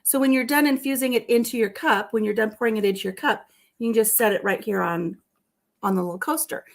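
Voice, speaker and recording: Woman, live-stream host, casual chat, slightly high pitch, answers viewer comments, soft storytelling asides. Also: quick pace, vocal fry. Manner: chatty, reads out viewer comments and answers them. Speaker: vlogger hosting a live stream.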